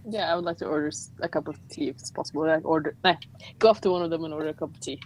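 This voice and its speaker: A woman playing a tabletop game, making polite quick requests in character. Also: low-pitched, a little mellow, poor audio. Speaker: player. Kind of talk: tabletop role-play.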